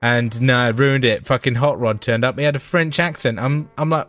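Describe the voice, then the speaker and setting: A man's voice: mid-range voice, normal speed, fairly bright tone. A man co-hosting a casual podcast, swearing freely and ranting with energy. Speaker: podcast co-host. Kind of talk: casual chat.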